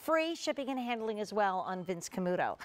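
A woman's voice: medium pitch, big pitch swings, fairly quick. A woman hosting a live home shopping show, chatting in a bubbly sales patter about shoes. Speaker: shopping channel host.

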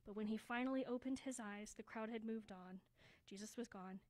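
A woman reading a children's story aloud at a church service, slowing down for emphasis and dropping to a hush. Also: fairly high pitch, low-quality recording. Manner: expressive, slows down for emphasis, drops to a hushed voice.

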